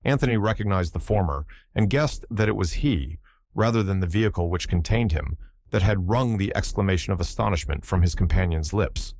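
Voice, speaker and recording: A man narrating an audiobook in a measured, even scripted reading, recorded close to the mic. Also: low-pitched, no echo.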